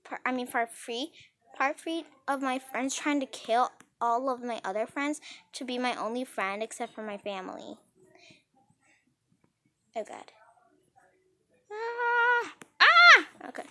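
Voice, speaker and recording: A woman's voice: a little high, normal speed, long pauses, a bit bright. A woman telling a rambling story in a casual storytime style, with frequent restarts and acted-out dialogue.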